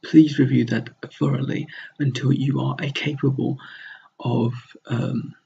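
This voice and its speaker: A man's voice: medium pitch, steady tone, a little slow, vocal fry, warm tone, husky. A man teaching a recorded slide lesson, explaining step by step and repeating words to model their pronunciation. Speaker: language teacher. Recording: dull lo-fi sound.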